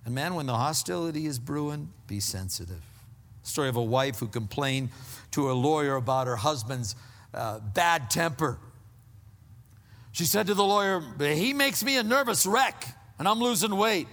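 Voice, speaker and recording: High, bright-voiced preacher in a big hall. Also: male voice, lively intonation. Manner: preaching with sudden drops to hushed, low emphasis; slows down to stress points. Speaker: pastor. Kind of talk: sermon.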